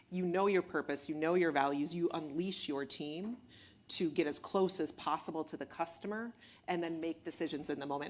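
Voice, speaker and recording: Low-pitched woman executive, candid and emphatic panel guest. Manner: candid, emphatic, with a self-deprecating laugh. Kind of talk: panel discussion.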